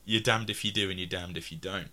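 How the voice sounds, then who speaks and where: A man's voice: deep voice, fairly even intonation, quick pace, a crowd in the background. A man from England chatting casually about films, rambling with many restarts and frequent laughs. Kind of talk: casual film discussion.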